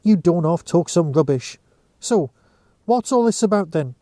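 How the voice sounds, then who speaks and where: A woman's voice: fairly low pitch, animated, measured pace, warm tone, no room sound, studio quality. A man voicing a cheeky young woman who teases her companion. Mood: teasing. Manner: teasing and mocking.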